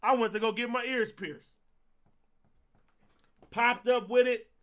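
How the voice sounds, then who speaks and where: Loud, high-voiced young man telling a story. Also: slow. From Compton, California. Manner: animated, profane storytelling, acting out quotes. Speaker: streamer host. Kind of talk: casual storytelling on a livestream.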